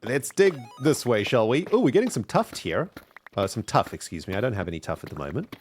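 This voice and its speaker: A man's voice: medium pitch, very animated, brisk, faint music behind. A man chatting casually while streaming a video game, upbeat and thanking his viewers as he plays. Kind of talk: casual live-stream commentary.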